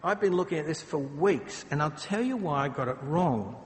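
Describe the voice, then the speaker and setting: A man's voice: animated, normal speed. A man preaching a sermon, speaking earnestly and slipping into dramatic acted quotes. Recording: long hall reverb, faint rumble.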